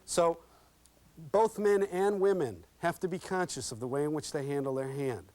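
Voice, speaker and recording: A man leading an interview skills workshop, talking in a lively, interactive way and acting out examples with his audience. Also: on the high side, moderate pace. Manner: lively and interactive, checks in with "okay?" constantly; folksy and animated, acts out examples. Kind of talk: live workshop talk with role-play demonstrations.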